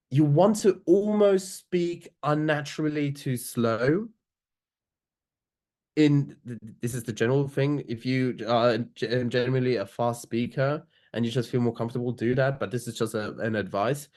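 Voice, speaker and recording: A young man giving an online seminar on oral advocacy, talking loosely with many fillers and restarts, and slowing right down to show a point. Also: medium pitch, a little mellow. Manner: loose, filler-heavy delivery, slowing down to demonstrate.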